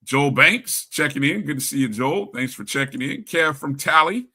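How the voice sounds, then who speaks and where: He's a sports talk show co-host with a mid-range, slightly rough voice, expressive and moderately paced. During a relaxed live stream he greets chat viewers individually by name, sounding upbeat and chatty.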